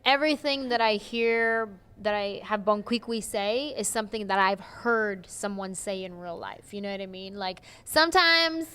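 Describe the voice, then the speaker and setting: Young woman comic chatting away, clear smooth voice, lots of "like". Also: mid-range voice, normal speed, hardly any pauses. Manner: chatty, animated, lots of "like" and "you know". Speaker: comedian guest. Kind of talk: casual interview chat.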